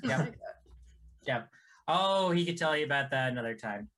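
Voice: medium pitch, lively intonation, moderate pace, fairly bright tone. A tabletop game player describing a character, hesitant and full of joking asides.

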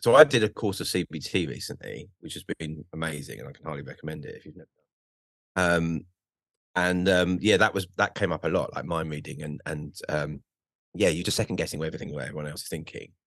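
A man with a very deep voice talks candidly, stumbling over restarts and fillers, swearing now and then. The sound is close and dry, with no room echo. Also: quick pace. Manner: hesitant, many restarts and fillers, swears freely. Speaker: podcast guest, author. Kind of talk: casual chat.

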